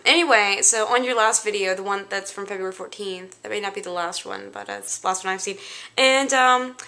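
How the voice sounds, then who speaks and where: Young woman vlogging, chatty and rambly, bright voice with lots of fry. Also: mid-range voice. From Louisiana, United States. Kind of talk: casual chat.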